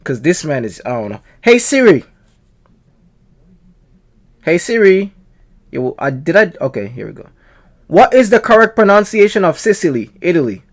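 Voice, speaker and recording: A man reacts to a clip in loose, chatty bursts, full of slangy asides. His voice sits a touch high and swings up and down a lot as he talks. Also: big pitch swings, normal speed, pauses often. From Jamaica. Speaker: video reactor. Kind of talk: casual reaction commentary.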